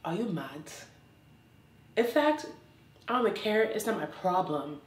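A woman's voice: medium pitch, expressive, measured pace. Young woman, fashion vlogger, sassy and exuberant, echoey room, distant mic. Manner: sassy, exuberant, says "child" often. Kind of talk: casual try-on haul chat. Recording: roomy, from a distance.

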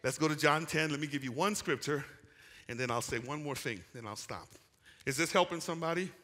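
A man's voice: fairly high pitch, a little fast. Fiery preacher man in a reverberant hall. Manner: animated preaching with call-and-response, rising to shouts. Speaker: pastor. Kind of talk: sermon. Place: church sanctuary.

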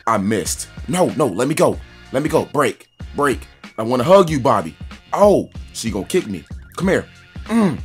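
A man in the middle of his range calling the action in casual gameplay commentary. His talk is loose, slangy and excitable, aimed straight at his viewers, with faint music playing behind him. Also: medium pitch, moderate pace. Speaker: gaming YouTuber.

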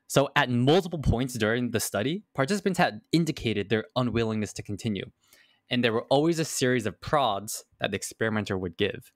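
A man's voice: mid-range voice, animated, a little fast, no echo, clean studio sound. A man hosting a podcast, explaining a study in casual chat and repeating words as he thinks. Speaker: podcast host.

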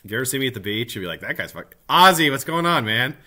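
A man's voice: mid-range voice, animated, very fast, pushed and bright. A tired, middle-aged man hosting a casual live stream, swearing freely and greeting viewers by name.

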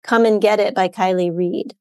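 A woman co-hosts a bookshop podcast in a relaxed, chatty way, her sentences full of "um" and "like" as she talks through what she has been reading. Her voice sits at an ordinary middle pitch, and the recording is close and dry with no room sound. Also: moderate pace, clear, resonant tone, no echo. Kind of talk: casual book chat.

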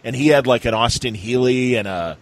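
A man's voice: medium pitch, rough recording. A man co-hosting a comics podcast in a loose, casual chat. He tells long anecdotes and every so often jumps into a short impression. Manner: animated storyteller who slips into quick impressions. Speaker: podcast co-host.

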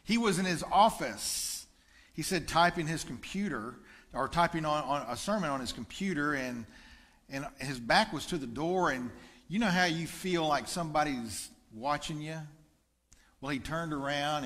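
A man pastor giving a sermon and prayer, telling a story earnestly and growing soft and emotional. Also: mid-range voice, in a large hall. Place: church sanctuary.

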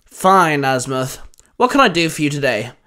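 A man's voice: a little high, big pitch swings, normal speed, a bit bright. A man voicing a sarcastic, bitter alien boy genius with a grumbling manner. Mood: irritated.

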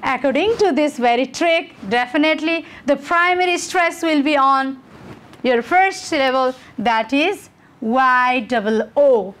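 A woman's voice: high voice, unhurried, fairly bright tone. A woman English teacher from Nepal, walking students through exam questions and checking in with "okay" and "you know".

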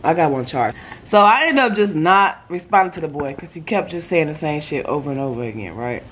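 A woman's voice: deep voice, lively intonation, fairly quick, slight background noise. A young woman, telling a story in a vlog, swearing freely and acting out what her boyfriend said. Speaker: vlogger. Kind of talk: casual storytime chat.

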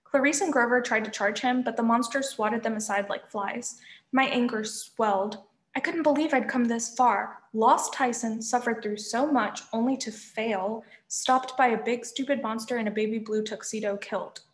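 A woman reading a novel aloud, narrating in a lively first-person voice, in an echoey room. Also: a little high, normal speed. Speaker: reader.

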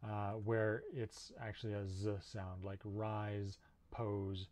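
A linguistics instructor explains patiently in a recorded video lecture, sprinkling in frequent "uh" fillers. His lowish, slightly mellow voice moves slowly with little pitch movement.

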